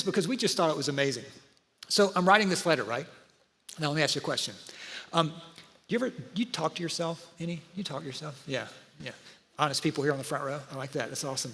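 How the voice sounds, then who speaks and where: A man, preaching a sermon full of stories and speaking straight to his congregation in a lively, conversational way. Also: high-pitched. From Georgia, USA. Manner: animated, conversational, talks to the audience. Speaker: pastor. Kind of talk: sermon with storytelling. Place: church auditorium. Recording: live church hall with long reverb.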